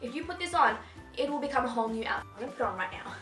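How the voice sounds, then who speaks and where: This fashion vlogger is a young woman whose high, bright voice races along, animated and bubbly, as she gushes through a casual haul. Her speech rings out in an echoey space over faint background music.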